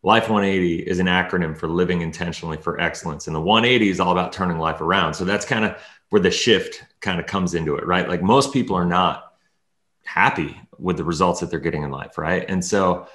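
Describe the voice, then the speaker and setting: A man's voice: low voice, brisk, fairly bright tone, roomy sound. A man hosting a casual interview, talking in a rambling way with many restarts. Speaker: podcast host.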